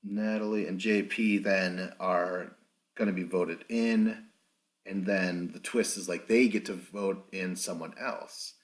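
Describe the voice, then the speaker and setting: A man's voice: sits low, fairly even intonation, takes it slowly. A man hosting a casual podcast recap without a proper microphone, rambling, swearing freely and acting out what others said. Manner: rambling, profane, acts out quotes. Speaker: podcast host.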